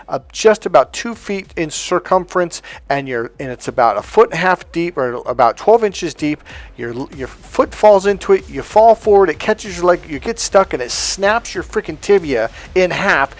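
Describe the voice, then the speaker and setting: A middle-aged man teaching dating advice in a casual, blunt way, swearing often and telling animated stories. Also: high voice, dry recording. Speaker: dating coach. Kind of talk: casual spoken lesson.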